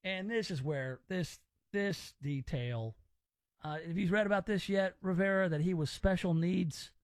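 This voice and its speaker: A man's voice: high-pitched, a little slow, no room sound, clean studio sound. A man from Memphis hosting a casual talk radio show, opinionated and rambling as he reacts to stories. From Memphis, Tennessee, US.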